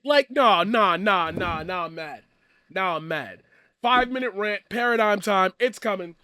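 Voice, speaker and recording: A man giving a profane, blunt commentary rant, swinging from loud shouting to quiet earnest talk. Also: sits high, expressive, unhurried, clear, resonant tone, no echo, clean studio sound. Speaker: commentary streamer. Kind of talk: ranting commentary.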